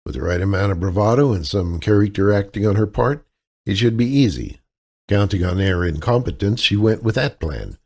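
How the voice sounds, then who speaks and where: A man reading a novel aloud as narrator, with steady, dramatic storytelling. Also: lowish voice, normal speed, gravelly. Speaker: audiobook narrator. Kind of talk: scripted narration.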